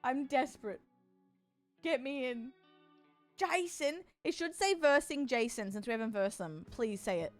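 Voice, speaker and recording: A young woman streaming a game, chatty and excitable, breaking into frightened screams. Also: high-pitched, measured pace, soft background music. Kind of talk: casual live-stream chat while gaming.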